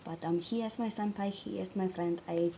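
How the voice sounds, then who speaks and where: A woman in her twenties chatting casually to camera as a vlogger, talking quickly and apologizing often. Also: mid-range voice, fairly even intonation, warm tone, slight background noise, low-quality recording. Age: 20s.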